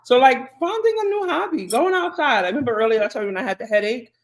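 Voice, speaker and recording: A woman, co-hosting a podcast in relaxed, chatty talk full of fillers and asides. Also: high voice, fast. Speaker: podcast co-host. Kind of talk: casual podcast chat.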